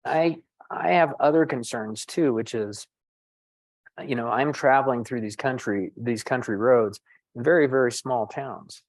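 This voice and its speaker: A man's voice: mid-range voice, unhurried, no room sound, poor audio. A middle-aged man, a physician and storm chaser, talking thoughtfully at a panel discussion, self-deprecating and restarting his phrases often.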